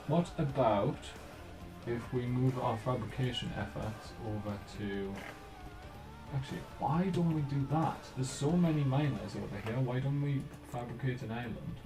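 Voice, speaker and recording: A man hosting a let's play, commenting casually on his strategy game and thinking aloud in a relaxed, musing way. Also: medium pitch, normal speed, roomy sound, music in the background.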